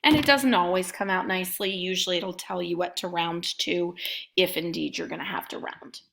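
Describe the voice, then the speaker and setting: A woman's voice: on the low side, moderate pace, creaky, a bit bright. A woman math instructor giving a recorded lecture, methodically talking through each step as she writes it out.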